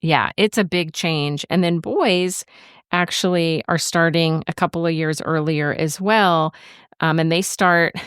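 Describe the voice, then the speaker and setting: A woman's voice: deep voice, a little slow, a bit bright, smooth, no room sound, clean studio sound. A middle-aged woman co-hosting a podcast, telling stories in a chatty way and laughing often. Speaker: podcast co-host. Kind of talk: casual podcast chat.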